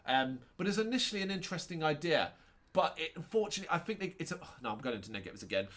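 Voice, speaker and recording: A man with a somewhat high voice co-hosts a relaxed film discussion. He rants and mocks, swears freely, and keeps stopping to correct himself. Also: racing. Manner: ranting, sarcastic, swears, trails off and corrects himself. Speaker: co-host reviewing a film. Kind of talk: casual chat.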